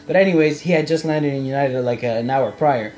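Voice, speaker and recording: A man's voice: medium pitch, brisk. A young man, a podcast co-host, telling a story in casual chat and acting out the quotes. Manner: animated storyteller, acts out quotes.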